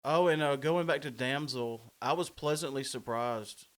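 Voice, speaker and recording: A man's voice: medium pitch, moderate pace. Laughing self-mocking male podcast host. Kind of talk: casual chat.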